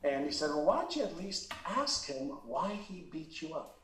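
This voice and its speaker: A man's voice: fairly high pitch, big pitch swings, moderate pace, a bit bright, reverberant, distant mic, rough recording. A middle-aged man from Israel telling a personal story in a candid interview, earnest and emotional, with frequent fillers and restarts. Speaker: interview guest.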